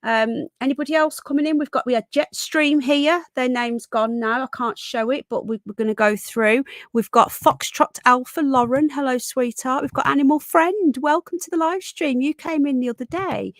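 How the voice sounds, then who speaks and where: A woman hosting a live stream, casually greeting viewers by name and calling them darling and sweetheart, her voice going hoarse. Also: high-pitched, moderate pace, few pauses, no room sound.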